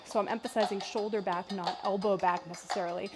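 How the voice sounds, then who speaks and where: A woman fitness instructor guiding a workout, counting reps and calling breath cues in a steady rhythm. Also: mid-range voice, fast talker. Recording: music playing behind the voice. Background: workout music.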